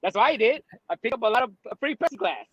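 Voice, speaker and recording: A man co-hosting a livestream from his car, excitable and repeating "you know" and "I love it". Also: very high voice, quick pace, husky, no echo, dull audio. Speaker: co-host. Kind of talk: casual livestream chat.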